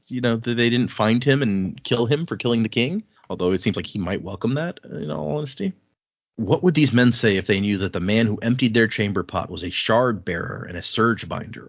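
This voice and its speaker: A man's voice: on the low side, slightly rough, no echo, dull audio. Chatty man recapping a book. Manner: chatty, recaps plot with quick acted-out quotes. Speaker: podcast co-host. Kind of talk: casual book discussion.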